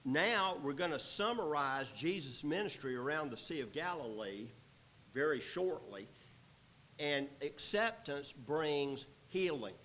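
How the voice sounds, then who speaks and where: A man's voice: on the high side, expressive, a little slow, fairly bright tone, a little hiss or hum, poor audio. A man teaching a Bible passage verse by verse, reading the text aloud and breaking in with folksy, joking asides.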